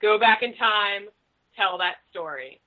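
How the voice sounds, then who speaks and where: A woman talks in a chatty, animated way, swearing freely as a podcast guest. Her voice sits in a middling pitch, and the recording is a little muffled. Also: unhurried. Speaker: guest author. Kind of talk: casual podcast chat.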